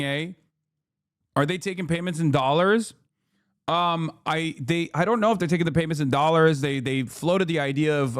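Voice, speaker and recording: A man's voice: a little high, clean tone, no echo, clean studio sound. A man streaming political commentary, ranting in a heated, profane and emphatic way. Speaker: streamer reacting to news.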